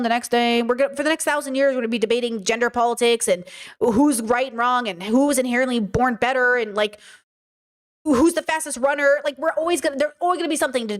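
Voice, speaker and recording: A woman with a bright, high voice streams live commentary, talking straight to her chat. She is emphatic and casual and piles up rhetorical questions. She often lands on the same point twice. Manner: casual, addresses viewers as girlies. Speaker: streamer reacting to videos. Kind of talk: livestream commentary.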